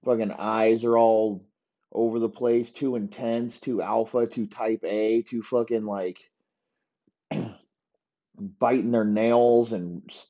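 A man's voice: fairly low pitch, warm tone. Profane ranting man, muffled lo-fi. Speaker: podcast host. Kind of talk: rambling comedic monologue. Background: dogs barking.

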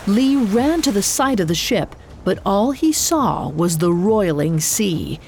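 A woman hosting a podcast, narrating a dramatic story in a measured, scripted way. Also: mid-range voice, expressive, a little mellow, slight background noise.

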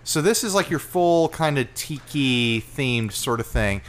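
A man's voice: mid-range voice, lively intonation, measured pace. Laid-back young man co-hosting a podcast. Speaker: podcast co-host. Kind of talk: casual chat.

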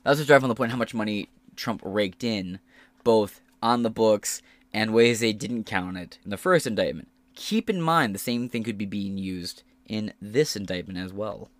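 A man's voice: fairly low pitch, normal speed, dry recording. Profane, ranting man on a podcast. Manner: profane, animated rants. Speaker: podcast host. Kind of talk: casual commentary.

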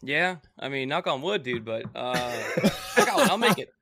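A young man telling a profane, animated story in casual chat. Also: medium pitch, normal speed, creaky.

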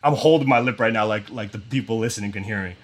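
A man's voice: on the low side, fast. A young man hosting a podcast, telling a story casually and rambling, with lots of "like" and quoted voices. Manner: rambling, filler-heavy with constant "like"; animated retelling with quoted voices. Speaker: podcast host.

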